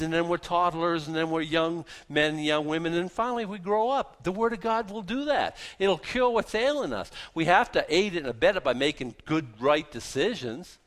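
A man preaching a sermon, zealous and animated, trying to keep his voice soft, with many restarts. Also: high voice. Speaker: pastor.

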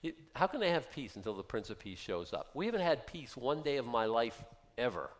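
A man in his fifties preaching a sermon in a conversational, animated way and putting questions to his listeners. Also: mid-range voice, fairly quick. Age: 50s. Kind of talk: sermon, Bible teaching. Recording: long hall reverb.

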